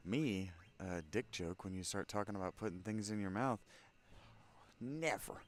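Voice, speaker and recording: A man's voice: fairly low pitch, unhurried. A man playing through a video game, chatting and cracking crude, self-mocking jokes. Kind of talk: casual let's-play commentary.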